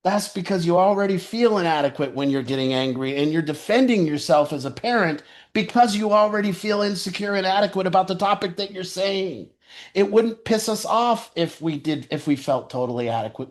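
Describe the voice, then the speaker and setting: Telling a personal account in a loose, rambling style, a man speaks fairly quickly in a high voice. He often starts his sentences over and laughs while talking.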